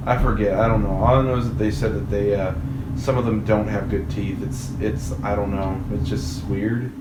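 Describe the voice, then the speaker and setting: A man's voice: lowish voice, normal speed. A man hosting a game playthrough who chats casually while he plays, rambling along with lots of fillers and restarts. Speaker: let's play host. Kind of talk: casual chat over gameplay. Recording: roomy room with steady background noise.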